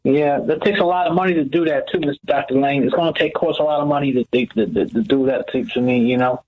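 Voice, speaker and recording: A man calling in to a radio show, halting and hesitant, repeating his words. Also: on the high side, steady tone. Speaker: caller. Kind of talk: phone-in call. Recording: dull phone line.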